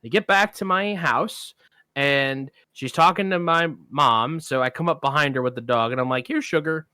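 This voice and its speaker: This film podcast co-host has a voice on the high side and a clean tone, speaking at a moderate pace with no room sound. He spins a lengthy story in relaxed chat, performing the voices of everyone he quotes with real animation.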